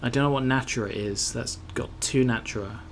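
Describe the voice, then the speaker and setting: A man's voice: medium pitch, fairly even intonation, fairly quick, a little hiss or hum. A man grumbling and swearing to himself while giving casual gameplay commentary.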